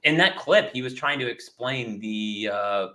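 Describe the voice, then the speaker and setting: A man's voice: medium pitch, animated, measured pace, pushed and bright. A man speaking as a podcast guest, rambling with many fillers and restarts. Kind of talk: casual chat.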